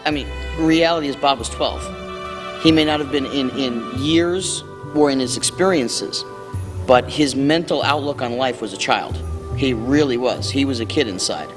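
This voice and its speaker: A man's voice: mid-range voice, normal speed. Sex: man. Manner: reflective, earnest. Behind: music. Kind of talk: documentary interview.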